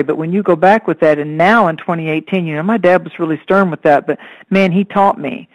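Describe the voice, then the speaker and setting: A woman's voice: low-pitched, dry recording, highs cut off. A woman hosting a radio chat show as a hypnotherapist, talking in an earnest, rambling, spiritual way.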